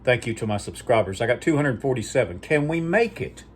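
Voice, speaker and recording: A man at a middle pitch, talking in a loose, folksy ramble and swearing now and then. He hosts his own channel and ends with a long, mock-formal sign-off. A faint hum of room ambience sits behind him. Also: expressive, fairly quick. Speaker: vlog host. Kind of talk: casual monologue with sign-off.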